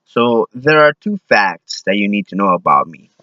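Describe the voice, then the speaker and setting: A man's voice: on the low side, very animated, moderate pace, dry recording. A man from Mexico telling a self-deprecating personal story on stage, acting out what people said. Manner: self-deprecating, acts out quoted voices. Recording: dull, lo-fi sound.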